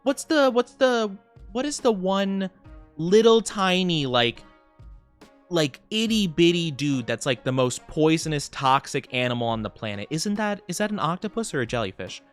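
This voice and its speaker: A chatty male streamer with a smooth, clear voice that sits a little high and swings widely in pitch. He rambles with plenty of "like"s and quick laughs and gasps excitedly when greeting viewers. Faint game music plays underneath. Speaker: VTuber streamer reading chat. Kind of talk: casual livestream chat while gaming.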